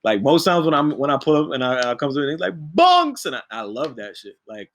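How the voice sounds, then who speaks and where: A man, a music producer, talking in a relaxed, slangy way as an interview guest, laughing often. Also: medium pitch, quick pace. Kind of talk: casual interview chat.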